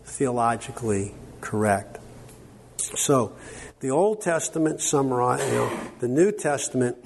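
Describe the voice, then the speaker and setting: A male workshop speaker with a mid-range voice gives a conference lecture against slight background noise. Emphatic yet conversational, he checks in with the audience often, asking "okay?"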